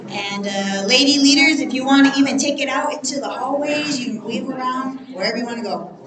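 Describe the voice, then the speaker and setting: A woman's voice: on the high side, fairly quick. A woman casually leading a room of people into a circle dance, informal and coaxing. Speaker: dance leader. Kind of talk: casual crowd instructions. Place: large indoor conference room. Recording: echoey room with crowd noise.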